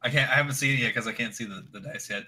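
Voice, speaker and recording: A man playing a tabletop role-playing game, excitable and laughing often as he describes his schemes. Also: mid-range voice, racing, slightly rough. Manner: excitable, laughing, tells stories with relish. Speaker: player.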